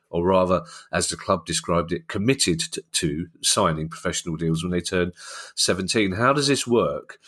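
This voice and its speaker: A man's voice: low-pitched, fairly bright tone. A man with a South London accent, co-hosting a podcast in casual, joking chat full of anecdotes and restarts. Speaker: podcast co-host.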